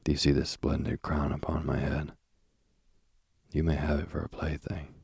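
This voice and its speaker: A man's voice: a bass voice, flat delivery, moderate pace, gravelly, a little mellow, breathy edge, dry recording, studio quality, full character voice. A man reading the part of a boastful, coaxing male king of the underworld in a storybook.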